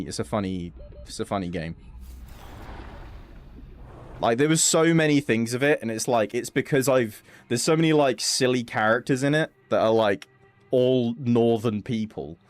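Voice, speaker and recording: While streaming a game, a young man keeps up a casual chat, swearing without a second thought. His talk is lively, with animated jumps in pitch.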